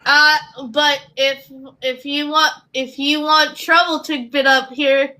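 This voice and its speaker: A woman chatting on a livestream in a halting, giggly way. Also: high voice, steady tone, sharp tone. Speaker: guest on a livestream. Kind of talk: casual chat.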